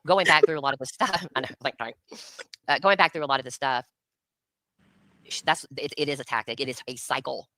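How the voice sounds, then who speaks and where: Combative woman commentator, low bright voice, close dry sound. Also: fairly quick, long pauses, dry recording. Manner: blunt, combative, repeated challenges. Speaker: livestream co-host. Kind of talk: heated casual commentary.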